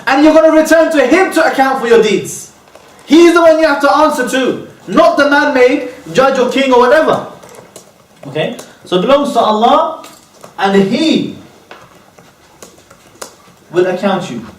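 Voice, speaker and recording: A man's voice: very high-pitched, moderate pace, long pauses. A man giving a religious lecture. He keeps checking in with "okay?", asks rhetorical questions, and restates his key terms. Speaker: Islamic lecturer. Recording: echoey room, voice from far off.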